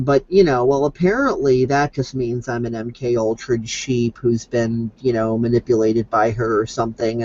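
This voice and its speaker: A man's voice: mid-range voice, a little mellow, no room sound. A man co-hosting a comedy podcast, ranting sarcastically. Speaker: podcast co-host. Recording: dry muffled lo-fi sound.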